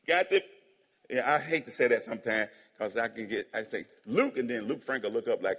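A man's voice: mid-range voice, animated, brisk, fairly bright tone, slightly rough. Joking preacher man in a reverberant hall. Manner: playful preaching, calls for amens and jokes with the crowd. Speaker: pastor. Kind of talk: sermon. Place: church sanctuary. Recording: long hall reverb in a church.

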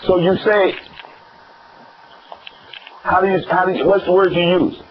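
Male preacher mid-sermon, questions the room, leaps high then drops low; slightly high voice, lo-fi. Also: fairly even intonation, measured pace. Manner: questioning the congregation, swinging from high exclamations to low emphatic words. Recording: dull lo-fi recording with faint noise.

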